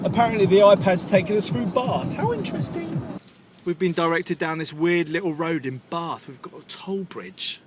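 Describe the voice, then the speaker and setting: A young man with a southern English accent talks to his camera from the car, chatty and joking. His voice sits high for a man. Traffic and road noise stay clearly audible behind him. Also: moderate pace, few pauses. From England. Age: young adult. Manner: chatty, jokey, talking to camera. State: groggy in the morning. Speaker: vlogger. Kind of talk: casual daily vlog. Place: car and street, outdoors.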